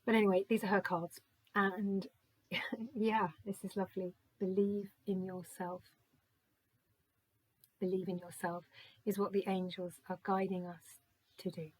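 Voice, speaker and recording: A woman giving a gentle, musing oracle card reading, slowly reading out card texts and reflecting on them. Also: medium pitch, level tone, slightly rough, poor audio.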